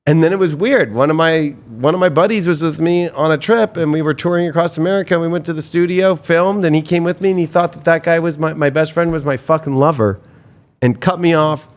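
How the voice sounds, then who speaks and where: A man's voice: a little high, brisk. A man, a tarot reader, telling stories in a rambling, profane way on a casual podcast, full of restarts.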